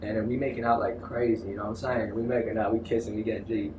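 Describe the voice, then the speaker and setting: A man's voice: fairly low pitch, racing, a little hiss or hum. Slangy young man telling stories, echoey. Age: young adult. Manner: animated slangy storytelling. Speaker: interviewee. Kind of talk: casual storytelling. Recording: echoey room, mic from far off.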